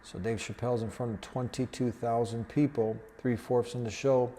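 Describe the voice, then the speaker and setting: A man's voice: mid-range voice, steady tone, moderate pace, mellow, a little hiss or hum. A man hosting a talk show, reading news reports and commenting in an earnest, preaching tone. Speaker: host.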